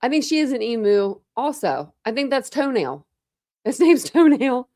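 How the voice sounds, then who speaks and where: A woman's voice: sits high, big pitch swings, normal speed, dark tone, dry recording, studio quality. A woman hosting a casual online chat, rambling and laughing as she browses videos and talks to her pets. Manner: rambling, chatty, laughs often, coos at pets. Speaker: true crime channel host.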